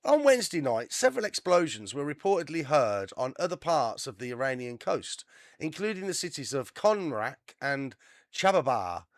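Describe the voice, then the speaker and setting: A man's voice: medium pitch, a bit bright, no echo, clean studio sound. A man hosting a livestream, reading news reports aloud with chatty, self-deprecating asides and stumbling over foreign names. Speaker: livestream host. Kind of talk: reading news with casual commentary.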